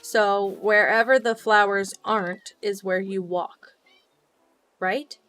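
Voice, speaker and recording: A woman's voice: mid-range voice, fairly even intonation, slow, fairly bright tone, faint music behind. A young woman streaming from her desk at home, chatting casually with viewers and thinking aloud as she plays. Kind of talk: casual chat while playing a game.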